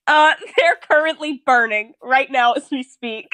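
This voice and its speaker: A woman's voice: high voice, measured pace, pushed and bright, no room sound. A woman playing her character in a tabletop game, hesitant and laughing often. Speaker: tabletop player. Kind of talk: casual play in character.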